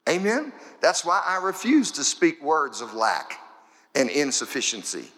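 A man preaching a sermon in a church, his slightly high voice bright and forceful. He drives his points home with rhythmic, repeated phrases. The sound rings with the long reverb of a large hall. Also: sing-song, unhurried. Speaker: pastor.

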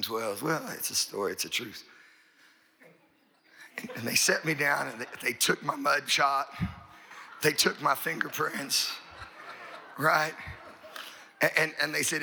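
A man's voice: medium pitch, gravelly, pushed and bright, slight background noise. A middle-aged man, a pastor, telling a long folksy story in a sermon, rambling and repeating his words.

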